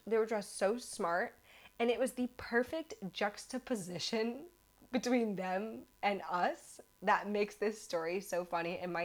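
An American woman with a voice of ordinary pitch hosts her own show and tells stories in a loose, chatty way. She is animated and pokes fun at herself. She keeps exaggerating for comic effect. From United States. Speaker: podcast host. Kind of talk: casual storytelling.

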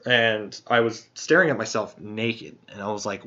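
A man with a bright, forceful voice tells a long personal story in loose, profane podcast chat. He rambles and circles back while he thinks out loud. The sound is dull and lo-fi. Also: on the low side, normal speed. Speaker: podcast host.

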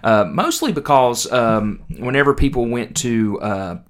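A man's voice: mid-range voice, measured pace. A young man hosting a podcast, chatting casually and teasing his co-host. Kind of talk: casual chat.

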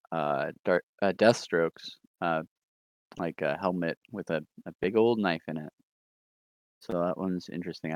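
A man co-hosting a casual podcast, talking through new comic releases in a measured, thinking-aloud way. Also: sits low, clean tone, dry recording. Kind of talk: casual chat.

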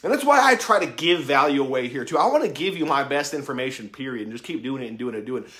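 A man giving a casual monologue about mentorship, profane and excitable, full of slang, acting out conversations he quotes. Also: mid-range voice, quick pace. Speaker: tattoo artist talking about mentorship.

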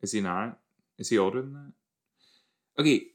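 A man hosting a podcast, reacting to a TV episode in casual watch-along chat, switching between loud outbursts and quiet muttering. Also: on the low side. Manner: chatty, exclaims loudly then mumbles; talks to himself, quick jumps between soft and loud.

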